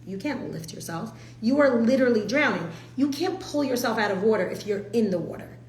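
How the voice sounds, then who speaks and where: A woman, teaching a casual class in a chatty, animated way, full of fillers and acted-out quotes. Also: a little high, brisk, echoey room, poor audio. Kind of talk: casual spoken lesson.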